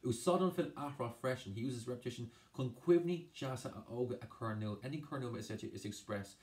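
An Irish language tutor helps with exam revision, speaking fast in a medium-pitched, darkish voice. He explains by translating each phrase and goes over points again and again.

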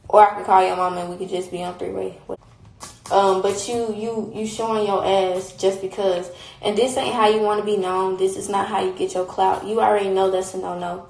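A woman's voice: medium pitch, creaky, echoey room, low-quality recording. A young woman on a phone live stream, talking in a heated, blunt and repetitive way, with frequent swearing. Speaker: livestreamer. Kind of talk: casual livestream rant.

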